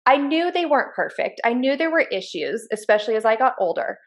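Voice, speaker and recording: A woman in her thirties co-hosting a podcast, telling personal stories in an earnest, animated way. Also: a little high, brisk. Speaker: podcast co-host. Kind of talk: casual chat.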